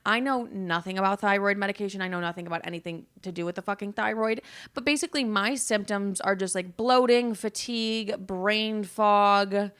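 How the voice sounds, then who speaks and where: A young woman hosts her own podcast as a solo, casual monologue. Her pitch sits right in the middle for a woman. She rambles candidly, leaning on fillers and dropping swear words without a second thought. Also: normal speed, a bit bright, clean tone. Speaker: podcast host.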